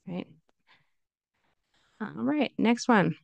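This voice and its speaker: Woman pronunciation teacher, lowish gravelly voice, slow deliberate delivery, dry room. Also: darkish tone, no room sound. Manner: slow and deliberate, repeating example phrases. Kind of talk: casual spoken lesson.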